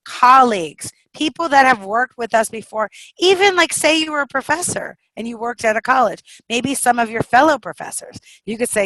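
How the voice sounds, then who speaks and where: A middle-aged woman coaching a group over a video call, energetic and encouraging, with frequent laughs. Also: on the high side, moderate pace, few pauses, no echo, poor audio. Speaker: speaking coach.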